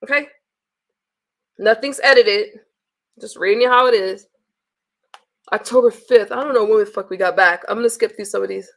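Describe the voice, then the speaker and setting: A woman's voice: mid-range voice, normal speed, pauses often, fairly bright tone. A woman on a live stream, bluntly venting with heavy swearing and reading messages aloud to her viewers. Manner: blunt and profane, exasperated. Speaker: livestreamer.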